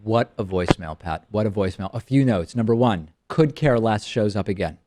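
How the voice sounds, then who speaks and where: A man hosting a talk show, bantering in a wry, animated way with his co-host. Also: fairly low pitch, fairly quick, noisy background.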